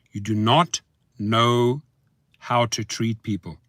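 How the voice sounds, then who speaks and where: A man vlogging as a rideshare driver, rambling to his viewers in a sing-song, chanting way that swings between hushed murmurs and excited whoops. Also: mid-range voice, takes it slowly, dry recording, clean studio sound.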